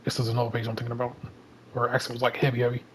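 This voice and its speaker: A rambling man from Alabama with a Southern American accent, reading a comic and then breaking it down. His voice stays flat and monotone at an ordinary mid pitch, with a faint hiss behind it. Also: racing, poor audio. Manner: rambling, with many fillers. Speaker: comic reader and commentator. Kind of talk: casual comic read-through and breakdown.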